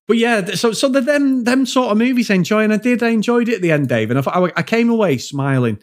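A man with a Manchester accent, co-hosting a film podcast in rambling, animated casual chat that drifts into side stories and swearing. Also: high voice, fast. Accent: Mancunian English. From England. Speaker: podcast co-host.

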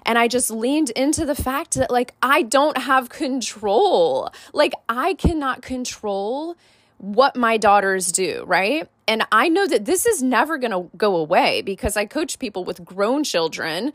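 A woman's voice: fairly high pitch, animated, measured pace, no room sound, clean studio sound. A woman podcast host and life coach, telling a personal story in a casual, candid way, full of "like" and "right?".

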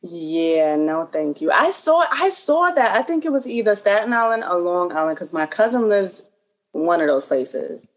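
A woman's voice: lowish voice, normal speed, low-quality recording. Chatty New York woman. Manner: chatty, lively back-and-forth. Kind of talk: casual chat.

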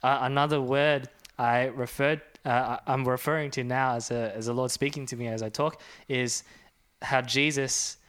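A man's voice: mid-range voice, steady tone, normal speed, hardly any pauses, fairly bright tone, clear, resonant tone. Earnest young man giving testimony. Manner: earnest, reads scripture aloud with rising force. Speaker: church outreach minister. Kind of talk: personal testimony in a faith conversation.

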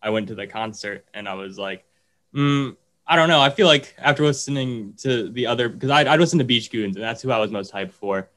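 A man's voice: lowish voice, a little fast, few pauses, a bit bright. A young man co-hosting a podcast, eagerly telling stories about concerts in casual chat. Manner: enthusiastic storyteller. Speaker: podcast co-host.

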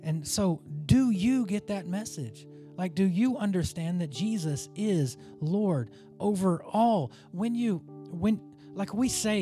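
Higher-voiced man teaching scripture. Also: lively intonation, slow pace, warm tone, faint music behind. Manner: earnest, informal, thinks aloud with restarts. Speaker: Bible teacher. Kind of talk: conversational Bible teaching.

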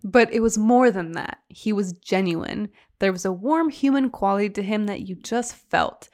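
A young woman co-hosting a podcast in an easy, conversational way. She tells the story and reads quotes aloud at an even storytelling pace. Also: mid-range voice, moderate pace. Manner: chatty, laughs easily, reads passages in a steady storytelling tone. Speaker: podcast co-host. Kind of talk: casual chat, reading quotes aloud.

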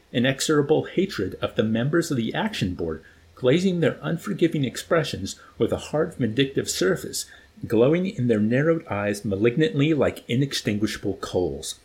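A man reading a novel aloud in an expressive, varied way. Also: mid-range voice. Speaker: reader.

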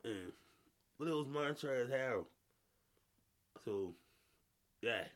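Podcast cohost dude, gravelly and kinda sharp, swears a lot, acts out the people in his story. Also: lowish voice, animated, normal speed. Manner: storytelling, profane, mimics others. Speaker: podcast co-host. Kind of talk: casual sports chat.

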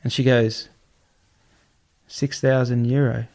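A man, a podcast guest telling a story in a casual, animated way, often swearing and repeating himself. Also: mid-range voice, takes it slowly. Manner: animated, repetitive, swears freely.

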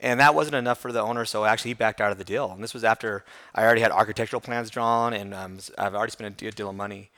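A man in his thirties recounts how he built his business, talking quickly and with animation. He pokes fun at his younger self and laughs as he goes. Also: lowish voice. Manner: fast, animated storytelling with self-deprecating laughs. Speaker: hair school franchise owner. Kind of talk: interview storytelling.

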